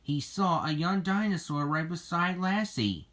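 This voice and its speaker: A reader narrating a children's storybook in a slow, deliberate way. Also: mid-range voice, animated, a bit bright.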